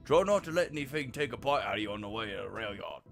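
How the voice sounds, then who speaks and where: Speaking fast in a creaky, medium-pitched voice that's pushed down, a man voices a talkative, trolley-loving miner from a video game with a fake Cockney accent. Faint music plays under his hearty, lively storybook reading of the streamed dialogue.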